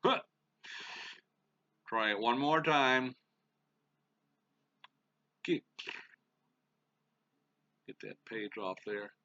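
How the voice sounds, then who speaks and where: Slow-talking man narrating a baseball game. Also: mid-range voice, pushed and bright, lo-fi sound. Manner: muttering to himself, folksy exclamations. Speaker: gaming channel host.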